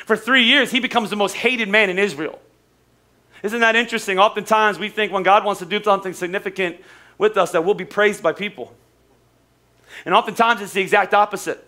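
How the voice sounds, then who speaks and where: A man's voice: sits high, steady tone, fairly quick, sharp tone. A man preaching a sermon as pastor, casual and conversational, with humor and acted-out quotes.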